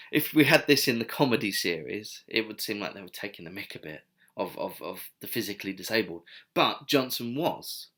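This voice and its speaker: A man's voice: fairly low pitch, fairly bright tone. A man giving casual, digressive history commentary with wry asides. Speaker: video essayist.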